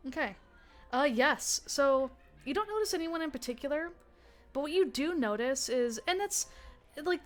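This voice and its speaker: Chatty woman game master, bright voice. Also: on the high side. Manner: chatty, lots of fillers and self-corrections. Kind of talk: narrating a tabletop game.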